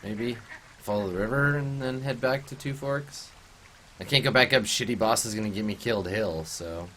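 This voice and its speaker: A man's voice: medium pitch, normal speed, bright, forceful tone, slight background noise. Chatty man playing a game. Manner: chatty, playful, joking. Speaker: game streamer. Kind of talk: casual let's-play commentary.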